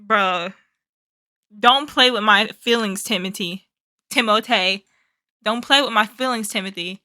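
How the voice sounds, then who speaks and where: A woman's voice: medium pitch, a little slow, pushed and bright, no room sound. A young woman hosting a movie reaction, emotional and exclaiming, often repeating herself. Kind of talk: casual movie reaction commentary.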